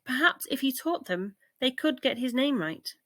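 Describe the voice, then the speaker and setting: A woman reading a children's bedtime story aloud in a gentle, expressive way. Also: high voice, moderate pace, no echo.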